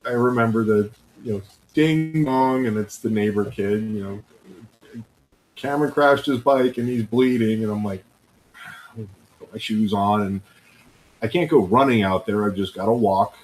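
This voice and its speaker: A man's voice: lowish voice, unhurried, pauses often, darkish tone, slight background noise, poor audio. A man co-hosting a podcast in casual chat, telling stories and acting out the voices of people he quotes. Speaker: podcast co-host.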